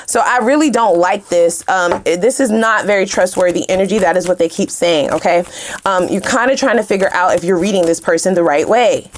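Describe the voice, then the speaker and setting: A woman giving a casual tarot reading to her viewers in a heated, animated way, swearing freely and speaking straight to the camera with slang. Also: on the low side, brisk, a little hiss or hum. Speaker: tarot reader.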